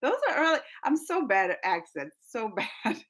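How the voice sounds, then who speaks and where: A woman with a somewhat high voice chats casually with her live-stream audience. She rambles from thought to thought and leans on "like" as she goes. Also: very animated, normal speed, a bit bright. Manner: chatty and rambling, says "like" a lot. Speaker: live-stream host reading chat. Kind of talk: casual live-chat talk.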